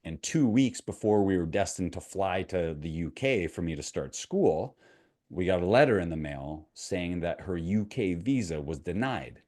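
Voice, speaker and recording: A man's voice: deep voice, animated, normal speed, darkish tone. A middle-aged Canadian man, a mindset coach, telling a parable and personal story in a conversational, motivational way to camera. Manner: conversational, asks the viewer questions, retells a parable.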